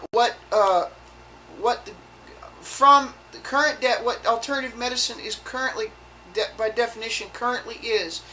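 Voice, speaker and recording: A woman's voice: fairly high pitch, sharp tone, slight background noise, poor audio. A woman delivering a heated, profane rant to her viewers, stumbling and restarting her sentences as she goes. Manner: heated, swearing, halting with many restarts. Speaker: video blogger. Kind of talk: angry profane rant to camera.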